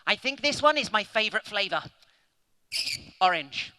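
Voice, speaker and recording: Comedy magician man, high-pitched and bright, goofy and excitable, works the room from the stage. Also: moderate pace. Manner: goofy, excitable, playful, with whoops and sudden shouts. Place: stage at an awards event.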